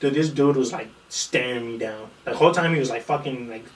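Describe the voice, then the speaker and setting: A man's voice: mid-range voice, a little fast. Man telling a fight story in an echoey room. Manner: rambling, profane, acts out quotes. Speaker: podcast guest, amateur fighter. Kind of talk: casual storytelling chat. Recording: echoey room, far from mic, faint noise.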